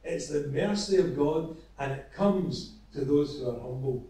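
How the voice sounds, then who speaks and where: A man preaching an evangelistic sermon, retelling a parable earnestly with halting restarts. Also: a little high, warm tone. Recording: echoey, from far off.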